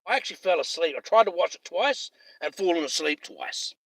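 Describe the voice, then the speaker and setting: Heated, foul-mouthed high-voiced man. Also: lively intonation, brisk, gravelly, fairly bright tone, dry recording. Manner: profane, heated, repetitive. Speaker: livestreamer. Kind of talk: ranting livestream monologue.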